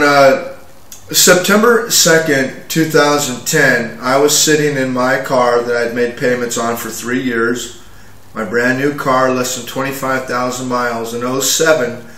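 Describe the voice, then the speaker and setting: A man's voice: medium pitch, a bit bright, reverberant, recorded from a distance, poor audio. Forties male, uneasy rambling storyteller, stumbling restarts, tense edgy tone. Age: 40s. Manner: agitated, halting, with many restarts and fillers. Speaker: vlogger telling his own story. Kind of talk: rambling first-person account.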